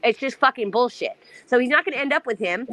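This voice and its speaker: A woman rants with heated, profane anger, telling her story in a rush. Her voice is bright and somewhat high, and it sounds dry and close. The talk is swearing-laced and urgent. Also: animated, no echo. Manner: heated, profane, fast-ranting. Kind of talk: angry personal account.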